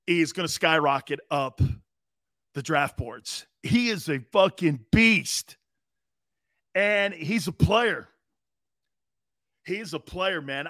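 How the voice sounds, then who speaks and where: A man's voice: a little high, fairly bright tone, no room sound, studio quality. A man in his fifties hosting a live sports talk show, brash and profane, mocking players as he talks.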